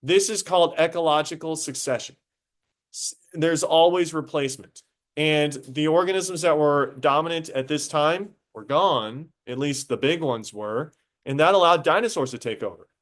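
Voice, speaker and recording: A man teaching a high school biology class, casual and talkative, stopping to quiz students directly. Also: normal speed. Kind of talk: classroom lecture.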